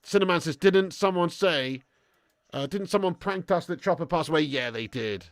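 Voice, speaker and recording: Blokey stream host, high voice. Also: male voice, animated, moderate pace, dry recording, clean studio sound. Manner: blokey, sweary banter, calls viewers lad. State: tired. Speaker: football watch-along host. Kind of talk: live stream chat reading super chats.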